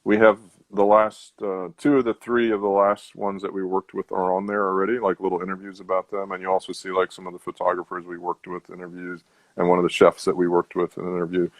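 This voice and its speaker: A man's voice: low-pitched, completely flat delivery, fast, dry recording, poor audio. A man, a tequila brand founder, chatting as a podcast guest in an easygoing, rambling way. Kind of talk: casual podcast chat.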